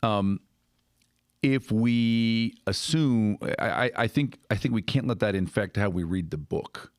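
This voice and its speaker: A man's voice: fairly low pitch, a little slow, no echo, studio quality. A man hosting a podcast conversation, thinking aloud with restarts and checking in with "right?". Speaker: podcast host. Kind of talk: casual conversational discussion.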